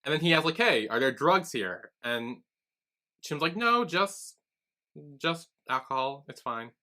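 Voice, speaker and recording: Bright-voiced man recapping a show. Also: mid-range voice, moderate pace. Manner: retells scenes with quoted lines, laughing often. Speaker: podcast co-host. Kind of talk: casual recap chat.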